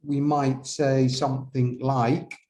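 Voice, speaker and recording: Slow-talking man correcting an essay. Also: mid-range voice, flat delivery, warm tone. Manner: slow, hesitant, questions to viewers. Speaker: IELTS examiner teaching writing. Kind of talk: classroom-style essay correction.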